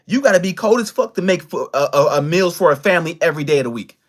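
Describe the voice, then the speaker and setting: Brief: a high-voiced American man on a livestream, furious and profane, talking straight to his chat. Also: lively intonation, fast. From United States. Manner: heated and profane, with big swings in pitch and loudness. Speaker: livestream host. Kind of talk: angry livestream rant.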